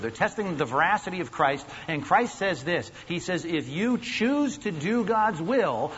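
In a church sanctuary, a male pastor preaches an earnest, emphatic sermon, putting questions to his listeners as he goes. His voice sits on the high side and sounds a bit bright. The recording is dull and lo-fi, with faint noise and the reverb of a large hall.

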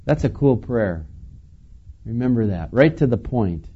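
A man preaching a sermon in a relaxed, conversational way, chuckling now and then and asking the listeners questions. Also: medium pitch, a little slow, breathy edge, highs cut off. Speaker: pastor.

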